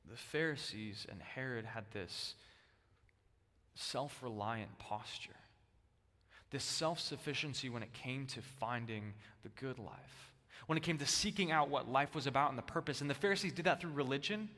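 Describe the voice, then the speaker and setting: A male pastor preaching a sermon, with emphatic stress that swings between loud bursts and hushed, low lines. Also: animated, moderate pace. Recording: long hall reverb.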